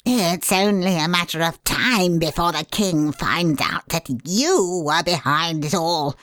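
A woman's voice: lowish voice, measured pace, fairly bright tone, no room sound, voice pushed up. A woman voicing a desperate, grovelling ex-mayor who pleads and begs.

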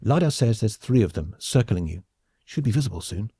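A man's voice: lowish voice, lively intonation, fairly quick, dark tone, breathy edge, no room sound, exaggerated voice. A man voicing a dry, sarcastic young woman pilot in an audiobook. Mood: matter-of-fact. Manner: dry, sarcastic, matter-of-fact.

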